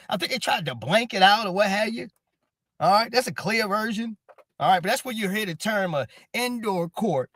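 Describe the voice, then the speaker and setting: A man talks casually on his own live stream, his voice pitched high and swinging widely as he tells a story. He keeps checking in with the listener with "all right?" after almost every sentence and slips into little impressions of the people he quotes. The sound is close and dry, with no room around it. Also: no echo. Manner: repeats "all right?" constantly, animated storytelling, acts out quotes. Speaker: host.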